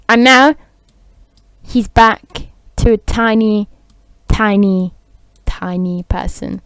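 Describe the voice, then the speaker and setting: Slow rambling woman making up a story. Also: medium pitch, steady tone, clear, resonant tone, no room sound. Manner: rambling, filler-heavy, giggly.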